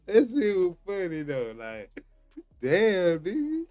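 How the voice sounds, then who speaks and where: A man reacts to a clip, laughing and sounding incredulous as he comments. He talks slowly, his voice sitting a little high for a man, and faint music plays behind him. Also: huge pitch swings, mellow. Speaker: reaction streamer.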